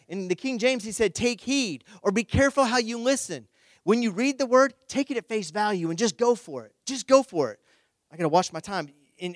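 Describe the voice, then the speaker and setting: A middle-aged man, a pastor, preaching a conversational sermon and telling a personal story in an animated, humorous way. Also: high-pitched, no room sound.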